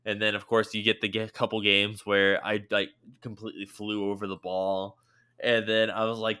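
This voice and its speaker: A man's voice: fairly low pitch, level tone, moderate pace, sharp tone, smooth. A man co-hosting a casual podcast, telling stories animatedly and swearing freely. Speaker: podcast co-host. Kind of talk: casual chat.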